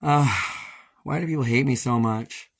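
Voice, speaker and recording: Walking his dogs during a casual livestream, a man from Hawaii rants, cursing nonstop and laughing bitterly between complaints. His voice is creaky, mid-pitched and at a normal pace, recorded on a phone with no room sound.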